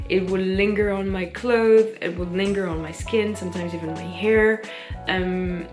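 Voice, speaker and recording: A woman with a French accent, a French native speaker, chatting casually in a vlog with frequent ums. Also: mid-range voice. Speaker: vlogger. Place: London.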